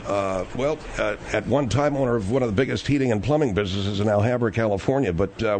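A man's voice: medium pitch, darkish tone, slight background noise. A male talk radio host leading a comedic call-in show, pressing his caller with incredulous questions.

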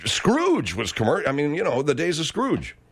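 American male radio host, profane rant, very lively pitch swings. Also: moderate pace, slightly rough. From United States. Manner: swearing, rambling, emphatic. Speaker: talk show host.

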